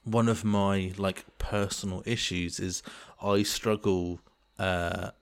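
A man's voice: low voice, fairly even intonation, slow, creaky, clear, resonant tone. A man in casual chat as a co-host, talking earnestly in long, searching sentences. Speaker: podcast co-host.

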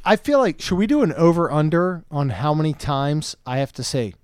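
A man's voice: on the high side, very animated, moderate pace, smooth, no echo, clean studio sound. A man co-hosting a podcast in casual chat, easygoing and agreeable, telling family anecdotes. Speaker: podcast co-host.

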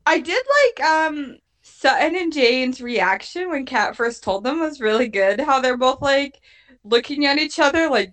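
Another young woman co-hosting a TV recap podcast speaks with fairly high pitch, a fairly bright tone, and expressive delivery at a moderate pace. She talks casually in loose sentences packed with fillers, laughing a lot.

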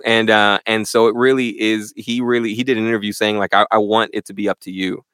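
Animated young man saying "bro" a lot. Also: fairly low pitch, quick pace, clean tone, no room sound. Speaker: church member interview guest. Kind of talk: casual chat.

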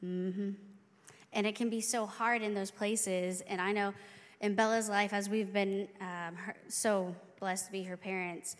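A woman's voice: medium pitch, fairly even intonation, measured pace. A woman with a mid-range voice gives an encouraging talk to a church youth group. She sounds upbeat and affirming and speaks straight to the crowd. A long hall reverb trails her words. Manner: upbeat, affirming, addresses the audience directly.

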